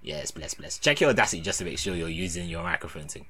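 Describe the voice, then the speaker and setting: Young man, very deep voice, bright and punchy, playful podcast banter. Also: expressive, a little hiss or hum. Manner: playful, teasing, quick banter in London slang. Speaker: podcast co-host. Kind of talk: casual podcast chat.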